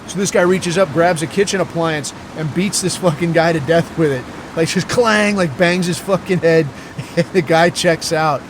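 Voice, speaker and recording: Brief: profane male podcast host, rambling storyteller, slightly high voice, faint traffic outside. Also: normal speed. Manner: crude, rambling, heavy swearing, deadpan asides. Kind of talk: profane casual storytelling monologue.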